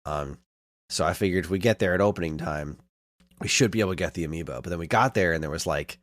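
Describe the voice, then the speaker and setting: A man in his thirties co-hosting a podcast, telling a long story in casual chat and getting animated as he retells it. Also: low voice, fast, no room sound. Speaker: podcast co-host.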